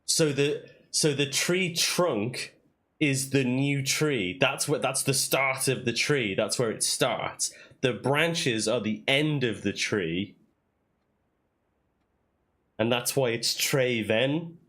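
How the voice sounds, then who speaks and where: A man's voice: medium pitch, slow pace, a bit bright. A man streaming a puzzle game, thinking aloud and sounding out made-up words in a casual way. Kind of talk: casual let's-play commentary.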